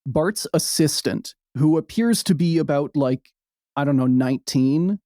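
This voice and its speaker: A man co-hosting a podcast, recapping a film in wry, casual chat with quick asides. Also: fairly high pitch, dark tone, no echo, studio quality. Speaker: podcast co-host.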